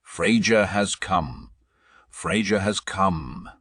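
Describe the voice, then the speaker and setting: A huge, jeering frost giant king, played by a male reader, growling and bellowing his demands. The voice is husky and deep with a slow, heavy delivery. A dry, close storybook audiobook. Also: big pitch swings, no echo, exaggerated voice. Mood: gleeful.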